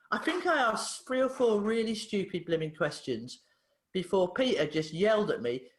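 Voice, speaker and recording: A woman's voice: mid-range voice, moderate pace, reverberant. A woman, a therapist telling stories in a casual interview and acting out the voices of the people in them. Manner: animated, acts out voices in her anecdotes. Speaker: therapist and author, guest.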